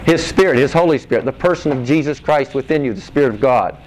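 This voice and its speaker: A man's voice: mid-range voice, fast talker, a little hiss or hum, poor audio. A man preaching a conversational sermon to a congregation, reading scripture and asking the room questions. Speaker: pastor.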